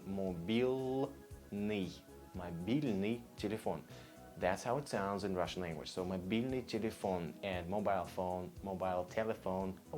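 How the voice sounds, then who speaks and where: A man giving a casual video language lesson, upbeat and speaking straight to viewers, repeating each word slowly so they can copy it. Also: lowish voice, a little mellow. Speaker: Russian language teacher.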